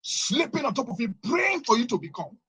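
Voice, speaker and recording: Nigerian-accented pastor, indignant preaching rant, lively swooping pitch. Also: male voice, brisk, poor audio. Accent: Nigerian English. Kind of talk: angry rant played on a talk show.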